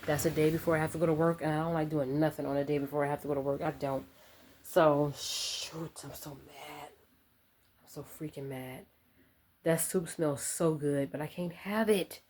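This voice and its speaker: Low-voiced young woman rambling to her phone cam, faint hiss behind. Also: fairly even intonation, brisk, a little mellow. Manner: chatty, rambling, talks to viewers directly. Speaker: vlogger. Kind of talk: casual chat to camera.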